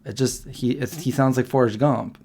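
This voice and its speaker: A man hosting a casual livestream, rambling and reacting to chat comments with quick questions. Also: mid-range voice, fairly even intonation, darkish tone. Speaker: livestream host answering chat.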